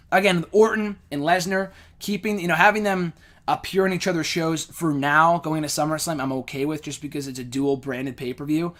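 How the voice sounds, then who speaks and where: A man's voice: a little high, fairly bright tone. A young man hosting a casual show, rambling through fan questions with lots of fillers and blunt opinions. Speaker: host answering fan questions. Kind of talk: casual chat.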